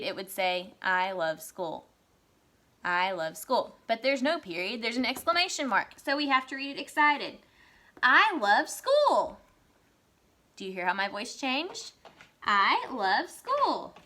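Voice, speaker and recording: A young woman with a bright, fairly high voice teaches a children's writing lesson. She talks slowly and clearly, like a classroom teacher, and reads the example sentences aloud with a lively, excited voice.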